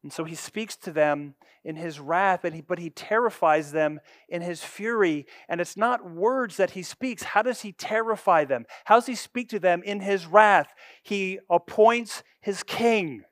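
A man preaching a sermon, with expressive delivery that moves from loud emphasis to hushed asides. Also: high-pitched, measured pace, hardly any pauses, no echo, studio quality. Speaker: pastor.

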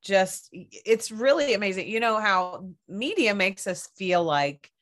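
A woman's voice: mid-range voice, animated, a little slow, fairly bright tone. A woman podcast host in casual chat, candid and laughing often, swearing now and then.

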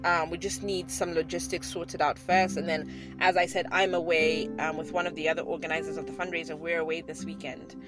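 A woman's voice: low voice, level tone, fairly quick. A woman in her thirties telling a personal story to her viewers in a chatty way, laughing often and restarting her sentences. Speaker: vlogger. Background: background music.

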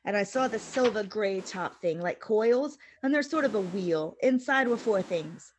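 A woman on a podcast, telling a story in a loose, chatty way and acting out little bits of dialogue as she goes. She lands in the middle of the usual pitch range, with a faint hiss of noise under her voice. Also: normal speed. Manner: animated retelling, acting out quotes with lots of "like". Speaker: podcast co-host. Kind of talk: casual storytelling chat.

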